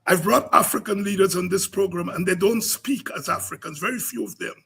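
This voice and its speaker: Fiery, high-pitched man orating. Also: fairly quick, creaky, husky. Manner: oratorical, rhythmic repetition building to shouts. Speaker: political podcast host. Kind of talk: impassioned political commentary.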